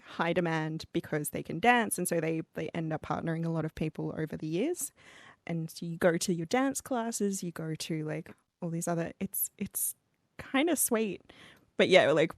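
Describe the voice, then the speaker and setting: A young woman co-hosting a podcast, telling stories in a chatty, animated way with lots of "like". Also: on the low side, no echo, studio quality. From Australia. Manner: chatty, animated storyteller with fillers like "like". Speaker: podcast co-host. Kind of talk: casual chat.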